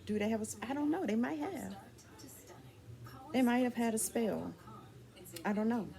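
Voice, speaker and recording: A woman's voice: a little high, lively intonation, moderate pace, gravelly, dark tone. A woman talking candidly and ramblingly in a casual personal vlog to her viewers, asking them for advice. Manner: candid, rambling, dialect speech with restarts.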